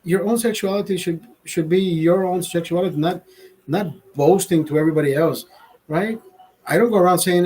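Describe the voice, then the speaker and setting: Male streamer, voice a bit high, loose profane rambling, stammers and restarts, casual chat to viewers. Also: normal speed, a little mellow, a little hiss or hum, low-quality recording. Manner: laughs at own jokes. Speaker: livestream host.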